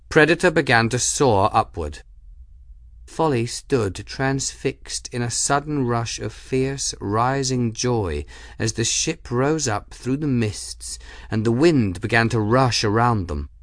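A man narrating a fantasy audiobook in measured, even scripted narration. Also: medium pitch, no room sound, clean studio sound.

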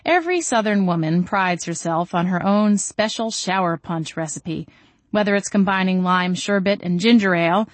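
A woman reading a first-person novel aloud in a calm, measured audiobook narration. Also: mid-range voice, dry recording.

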